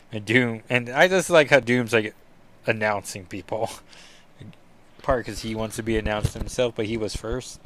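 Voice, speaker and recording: A man of ordinary pitch hosts a casual comic book review, talking loosely and making wry, self-deprecating asides. His delivery rambles and often breaks off mid-thought, with frequent fillers. Its flow is unscripted and conversational. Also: expressive, normal speed, a bit bright. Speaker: podcast host reviewing comics.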